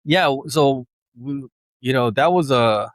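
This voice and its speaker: A young adult man, a DJ guest, telling stories in a relaxed slangy way with many fillers and animated quoted voices. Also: unhurried, dry recording. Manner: animated, acts out quoted voices in a higher pitch. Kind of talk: casual interview storytelling. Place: podcast studio.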